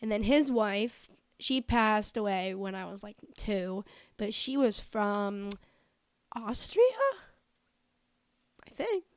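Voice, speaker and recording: A woman's voice: mid-range voice, expressive, slow pace, long pauses, smooth, no room sound, clean studio sound. A woman co-hosting a podcast, bubbly and playful, with a giggly manner. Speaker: podcast co-host. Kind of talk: casual podcast chat.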